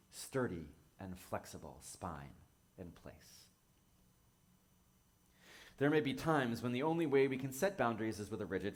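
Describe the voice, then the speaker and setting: Gentle, low-voiced male minister. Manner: gentle, measured, reflective. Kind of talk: sermon.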